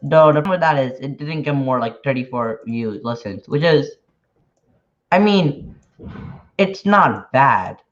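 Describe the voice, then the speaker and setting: A man talks casually on a livestream while he writes, nervous and halting, often restarting his sentences. His voice sits at an ordinary middle pitch. The stream audio is dull and lo-fi. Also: animated. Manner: nervous, hesitant, many restarts. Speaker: podcaster and newsletter writer.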